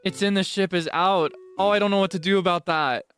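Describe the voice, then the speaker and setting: A man streaming a life-sim game, chatting playfully and dramatically, swinging between deadpan asides and giggling. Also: high voice, fairly quick. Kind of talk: casual game stream chat. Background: game music.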